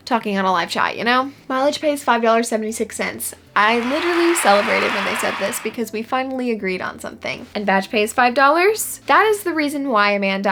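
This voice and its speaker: A woman's voice: on the high side, fairly bright tone. A woman vlogging casually about her shopper pay, reading out a support chat with sarcastic, dry humor. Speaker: gig delivery shopper and vlogger.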